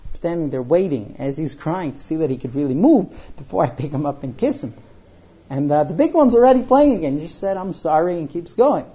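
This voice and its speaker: Husky, lively Torah teacher. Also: mid-range voice, fairly quick, dull audio. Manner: quotes Hebrew text, then translates and explains; conversational, with fillers and personal stories. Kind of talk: Mishnah lesson with everyday anecdotes.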